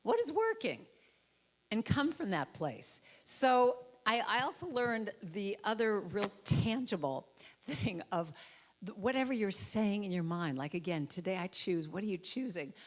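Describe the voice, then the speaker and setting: A woman gives an inspirational talk from a church stage. She speaks playfully and slips into high, comic voices to act out what people say. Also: lively intonation, unhurried. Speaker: guest speaker and musician. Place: church sanctuary. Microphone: handheld or headset mic with trouble.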